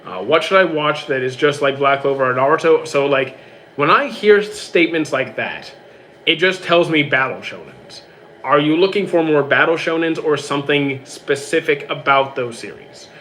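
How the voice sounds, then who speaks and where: A young man hosts a live stream, reading viewers' questions aloud and answering each one fast and casually. His voice is bright and sits a little high for a man. A faint room hum runs under the recording. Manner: quick, reads questions aloud then answers briefly.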